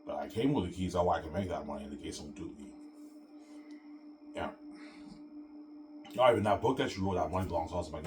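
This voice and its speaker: Man, very low voice, fast profane rant, distant mic, music bed. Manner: ranting, repetitive, profane. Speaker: video ranter. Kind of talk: angry monologue.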